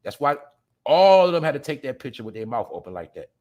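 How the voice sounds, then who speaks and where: A man hosting a show, ranting bluntly and profanely at his viewers, swinging between loud outbursts and low mutters. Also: big pitch swings, fast, muffled recording. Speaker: podcast host. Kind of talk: casual profane commentary.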